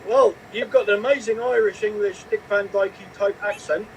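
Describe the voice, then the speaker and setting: A man's voice: high-pitched, steady tone, normal speed, distant mic, a little hiss or hum, rough recording. Man bantering in a mock cockney voice. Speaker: improv performer.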